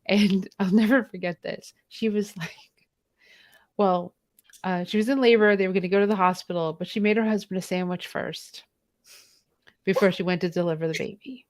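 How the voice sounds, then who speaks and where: A woman co-host with a mid-pitched voice joins in a casual panel chat. She is wry and tells her stories with easy chuckles. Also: fairly even intonation, moderate pace, no echo, clean studio sound. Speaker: podcast co-host.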